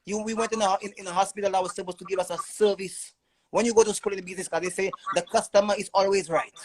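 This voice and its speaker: Guy with a pretty high voice telling his story, urgent, keeps stumbling and repeating words. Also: fairly even intonation, fast talker, poor audio. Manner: urgent, repeats words in long stammering runs. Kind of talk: emotional personal testimony.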